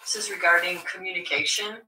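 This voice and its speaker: A woman's voice: fairly low pitch, fairly even intonation, quick pace, pushed and bright. Distant echoey woman asking questions. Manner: hesitant, thoughtful. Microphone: video call. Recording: echoey, distant, noisy call audio.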